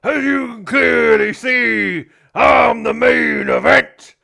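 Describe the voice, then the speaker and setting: A man's voice: extremely high pitch, slow, vocal fry, voice pushed up, heavily acted. A man bellowing as a brash dwarf wrestler. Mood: boastful shouting. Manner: shouting swaggering ring announcements. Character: brash muscly male dwarf wrestler showman.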